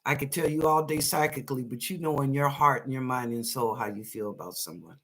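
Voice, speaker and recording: A psychic reader hosts a live show, giving viewers quick readings in a folksy, chatty and reassuring style, laughing often. Her voice is medium-pitched and a bit bright.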